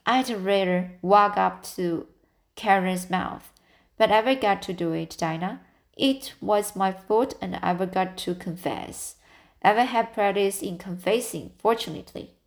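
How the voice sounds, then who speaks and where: A woman's voice: medium pitch, a little slow, natural voice. A woman reading the part of an eager, talkative orphan girl in an audiobook, earnest and confiding. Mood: pleading.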